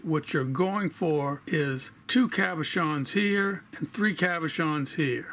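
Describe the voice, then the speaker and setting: An American man who cuts gems and makes jewelry, narrating his workshop work with dry, deadpan jokes. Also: a little high, takes it slowly, a little hiss or hum. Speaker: lapidary and jewelry maker.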